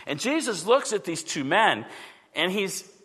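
A middle-aged pastor preaching a sermon earnestly, swinging from forceful lines to hushed ones. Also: male voice, high voice, very animated, measured pace, husky, long reverb tail.

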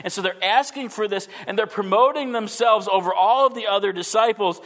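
Man, middle-aged, pastor, earnest sermon, forceful to hushed, high-pitched, reverberant hall. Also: a little fast.

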